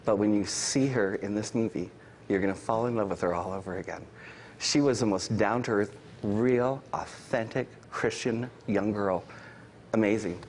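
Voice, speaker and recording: A man who is a guest on a talk show, telling funny stories in an animated way and jumping into high squealing punchlines. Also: moderate pace, slight background noise. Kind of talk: comic storytelling on a talk show.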